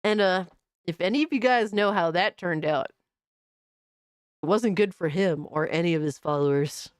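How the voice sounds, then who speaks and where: A woman's voice: on the low side, moderate pace, clear, resonant tone, no echo, clean studio sound. A woman hosting a gaming stream, mocking a video in casual, profane reaction commentary. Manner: mocking, profane, laughs at the clip.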